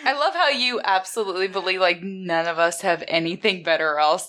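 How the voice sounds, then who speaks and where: A woman with a bright, sharp voice, bantering bluntly with her co-host. She teases, curses, and laughs easily. She is recorded in a home kitchen on a shared microphone. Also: on the low side, fairly quick, few pauses. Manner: blunt, teasing, swears freely. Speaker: podcast co-host. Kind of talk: casual chat. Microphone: two hosts sharing one microphone.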